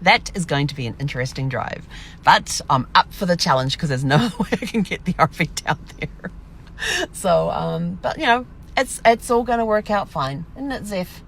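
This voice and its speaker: A woman's voice: lowish voice, expressive, normal speed, vocal fry, a bit bright, a little hiss or hum. A woman telling a rambling, casual diary vlog from her camper, acting out her own remarks as she goes. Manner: rambling storyteller, acts out her own quotes. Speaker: vlogger.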